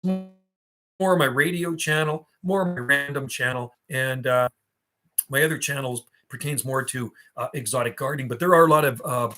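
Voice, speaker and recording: A man's voice: medium pitch, moderate pace, bright, forceful tone. A man, hosting a casual livestream and reminiscing as he answers chat. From Canada. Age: 50s. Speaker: livestream host and radio hobbyist.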